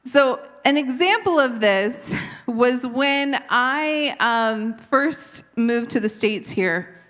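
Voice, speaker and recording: A woman's voice: fairly high pitch, fairly bright tone. A woman in her thirties from Canada, with a light Canadian accent, giving an earnest, conversational devotional Bible teaching. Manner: earnest, conversational, occasional laughs at herself.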